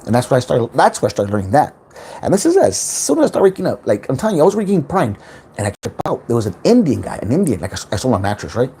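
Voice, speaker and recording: A spiritual self-help livestream host delivers a casual monologue in a lively, swooping, middle-register voice, speaking fast over a little hiss or hum. He's animated and rambling, starting and restarting sentences, repeating words and swearing freely.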